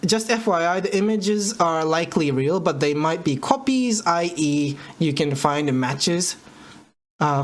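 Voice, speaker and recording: A man rambling through livestream reaction commentary, correcting himself and laughing at his own words. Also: a little high. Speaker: commentary streamer.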